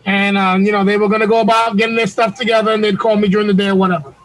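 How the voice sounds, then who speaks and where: A man with a strikingly high voice recounts events over a video call. He talks in an animated, street-slang style, swearing freely as the story runs on. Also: rapid-fire, rough recording. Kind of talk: casual storytelling on a group call.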